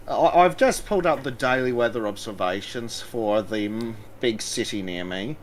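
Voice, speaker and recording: A young man from Australia with an accent that leans toward British, chatting as a guest on a gaming stream. He sounds dry and wry, chuckling between remarks, at a middling pitch with faint noise behind him. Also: measured pace. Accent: British-tinged Australian. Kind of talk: casual gaming chat.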